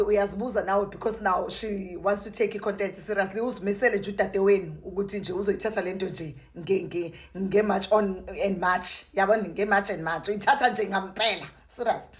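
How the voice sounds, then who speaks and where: A woman's voice: mid-range voice, a little fast, hardly any pauses. Chatty woman vlogging. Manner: chatty, switching between languages, bursts of excitement. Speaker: content creator. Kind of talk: casual vlog chat.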